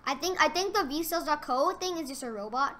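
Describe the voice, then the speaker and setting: A woman doing casual gameplay commentary for her gaming channel, excitable and trash-talking her opponents, then dropping into mumbled asides. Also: high voice, fast.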